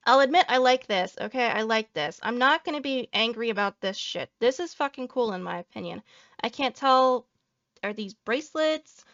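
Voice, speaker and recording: A fairly high-voiced woman streamer rants through a salty, foul-mouthed reaction, talking straight to her viewers. The sound is dry and a little dull, like a lo-fi home recording. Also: expressive, normal speed, a bit bright, no room sound. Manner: salty, profane, ranting. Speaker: VTuber streamer. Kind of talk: casual reaction commentary.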